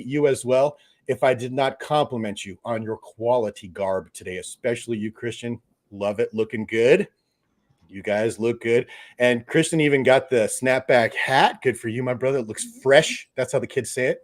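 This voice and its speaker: A man hosting a live stream, loud and joking, laughing often. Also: mid-range voice, moderate pace. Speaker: livestream host. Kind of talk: casual live stream chat.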